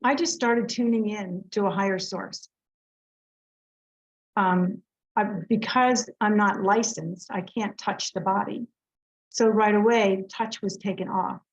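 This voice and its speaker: A woman's voice: medium pitch, fairly even intonation. A middle-aged woman and Reiki master telling stories as an interview guest, chatty and earnest with plenty of fillers. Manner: chatty, earnest, lots of fillers and quick laughs. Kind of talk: casual storytelling in an interview. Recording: slightly muffled, lo-fi audio.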